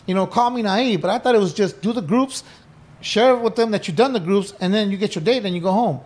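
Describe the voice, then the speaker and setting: A man's voice: sits high, quick pace, creaky. A middle-aged man, a podcast guest, tells his story in casual interview talk, acting out old conversations and swearing freely. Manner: animated, acts out quoted dialogue, swears casually. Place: indoor podcast room.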